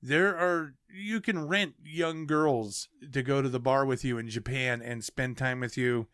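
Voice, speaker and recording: A man's voice: mid-range voice, a little slow, fairly bright tone, smooth, no room sound, clean studio sound. A man co-hosting a podcast, laid-back and profane, reading movie details. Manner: laid-back, profane, stumbles over names. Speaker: podcast co-host. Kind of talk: casual chat and reading movie info.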